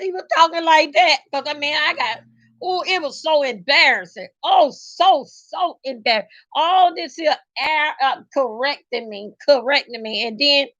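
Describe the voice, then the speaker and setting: Lady spinning a story, high bright voice, salty and emphatic. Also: highs cut off. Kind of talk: casual storytelling vlog.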